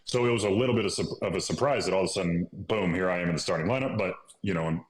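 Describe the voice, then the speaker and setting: A deep-voiced man in his thirties, from Illinois, sits as a guest and tells a story in a casual, animated way. He acts out bits of dialogue and laughs easily, and the room around him rings with echo. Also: racing. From Illinois, USA. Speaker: podcast guest. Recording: echoey room.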